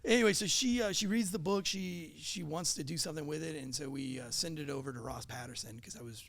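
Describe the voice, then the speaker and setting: A man's voice: fairly high pitch, fast, creaky. A man in his forties, a former police officer, telling casual anecdotes as a podcast guest, acting out quoted dialogue and swearing freely. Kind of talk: casual storytelling chat.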